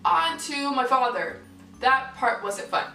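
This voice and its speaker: A woman's voice: high-pitched, slow. Young woman vlogging in an echoey room. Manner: candid, lively, swears freely, acts out quoted people. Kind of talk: casual storytelling to camera. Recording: roomy echo, voice from far off mic, faint music.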